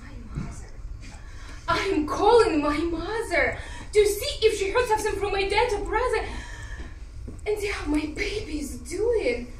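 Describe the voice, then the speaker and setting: A woman's voice: very high voice, expressive. A woman acting a frightened young female soldier, speaking hesitantly in an amateur drama. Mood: scared. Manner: hesitant, halting. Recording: echoey, distant, faint noise.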